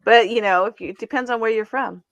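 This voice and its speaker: A woman co-hosting a casual interview show, chatty and quick to laugh. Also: a little high, no echo, dull audio. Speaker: co-host.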